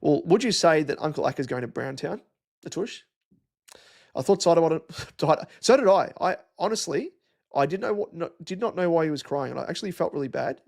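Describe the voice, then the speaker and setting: A man's voice: on the high side, lively intonation, brisk, creaky, darkish tone. An Australian young man hosting a casual live stream, rambling and chatty with lots of fillers as he reads out comments. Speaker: livestream host.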